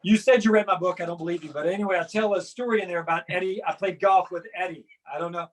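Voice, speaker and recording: Teasing high-voiced male talk host. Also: steady tone, fast talker. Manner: teasing, jokey. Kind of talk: casual chat.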